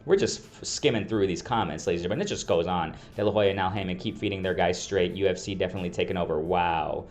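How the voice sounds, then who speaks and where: Low-voiced man reacting to boxing comments. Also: quick pace. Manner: exasperated, repeats phrases, frequent laughs. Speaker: boxing commentary video host.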